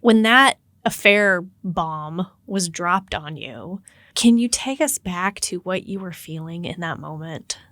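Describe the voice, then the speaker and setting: A woman hosting a podcast, asking gentle questions and offering brief supportive affirmations. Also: lowish voice, slow pace, no echo. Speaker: podcast host. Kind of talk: empathetic interview.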